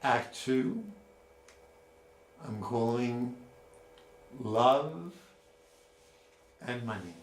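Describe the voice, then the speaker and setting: Slow, deliberate male storyteller. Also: mid-range voice, lively intonation, slight background noise. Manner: slow, deliberate, speaking directly to his mother. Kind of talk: autobiographical storytelling performance. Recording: roomy with faint ambience.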